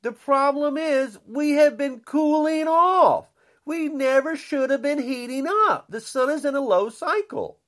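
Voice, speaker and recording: Angry older man ranting, high-pitched. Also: expressive, measured pace, fairly bright tone. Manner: indignant, repetitive, blunt. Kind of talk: angry political rant.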